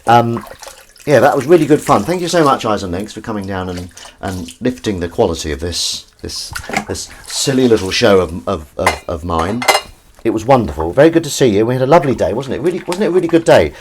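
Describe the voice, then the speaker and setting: A man's voice: fairly low pitch, very animated, fairly quick, noisy background. A man hosting a casual live stream from his kitchen sink, rambling and chatting with his viewers. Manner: rambling, chatty, reads out and answers chat. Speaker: livestream host.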